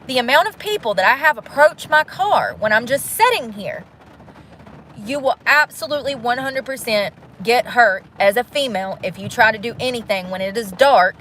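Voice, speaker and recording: Sitting in her parked car while it rains, a young vlogger who lives in that car vents to her phone camera, frustrated, ranting and swearing. Her voice is a little high, expressive and fairly bright at a moderate pace, with a faint hiss or hum in the audio.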